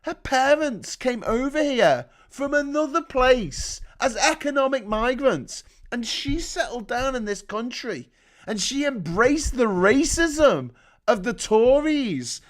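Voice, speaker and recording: A man's voice: very high-pitched, animated, unhurried. A man from the North of England, ranting casually and sarcastically on a live stream, swearing a lot and rambling.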